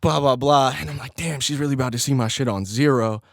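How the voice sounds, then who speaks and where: A young man rambles through an embarrassing story on his own podcast, cursing and breaking into laughter between lines. His voice sits at an ordinary middle pitch, and the recording is close and dry, with no room sound. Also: fast talker, dry recording. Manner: laughs often, crude and self-mocking. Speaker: podcast host. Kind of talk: casual storytelling monologue.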